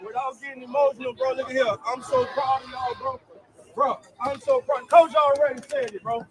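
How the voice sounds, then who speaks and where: A man coach giving an emotional locker room pep talk, shouting chants. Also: very high voice, a little fast, vocal fry.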